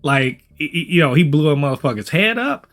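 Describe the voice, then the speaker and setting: A man's voice: a little high, lively intonation, fairly quick, fairly bright tone, faint music behind. A man co-hosting a TV review podcast, chatting animatedly with lots of swearing and restarts. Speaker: podcast co-host. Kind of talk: casual review chat.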